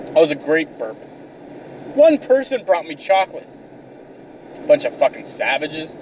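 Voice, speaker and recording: A man's voice: on the high side, very animated, normal speed, far from the mic, a little hiss or hum, low-quality recording. A young man vlogging outdoors on the move, telling a rambling, profane, sarcastic comic story. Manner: rambling, swears constantly, sarcastic. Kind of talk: profane comedic rant.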